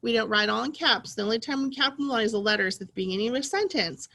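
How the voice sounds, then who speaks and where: A woman teacher whose voice is fairly high in pitch runs a slow, clearly enunciated early reading lesson for young children, reading practice sentences in an exaggerated, excited way.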